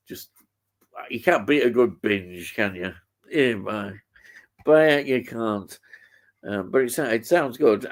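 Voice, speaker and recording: Man, unhurried, gravelly, rambling live stream chat, lots of ums and false starts. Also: lowish voice. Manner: rambling, hesitant, many ums and restarts. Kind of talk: casual chat.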